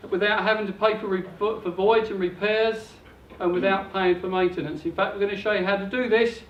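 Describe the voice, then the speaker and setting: A man's voice: sits high, fairly even intonation, fairly quick, slight background noise. An older man giving an upbeat, salesy property seminar presentation, recorded from a distance in a hotel function room. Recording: echoey dull room recording from afar.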